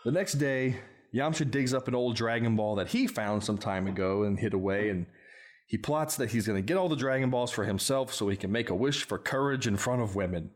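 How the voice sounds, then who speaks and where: Brief Male podcast host, mid-pitch, wry recap narrator who laughs easily. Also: a little fast. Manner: wry play-by-play, laughs often at his own jokes. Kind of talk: casual podcast chat recapping a film.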